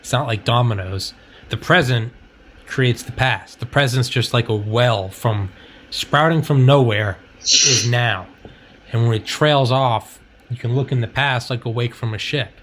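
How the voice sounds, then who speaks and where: A man at an ordinary mid pitch, rambling through a loose casual chat. He swears freely and fills his talk with "like" and "you know." A faint hiss of noise sits under the voice. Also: a bit bright.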